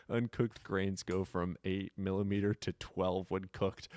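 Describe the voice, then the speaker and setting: A man's voice: low voice, little pitch movement, moderate pace, creaky, few pauses, no room sound, studio quality. A man hosting a casual livestream chat, teasing and swearing freely and laughing often. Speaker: livestream host.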